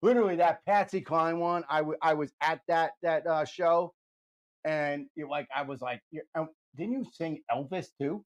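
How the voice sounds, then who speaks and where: A man hosting a radio show, energetic and teasing, rambling through live banter into a studio microphone. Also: on the high side, normal speed.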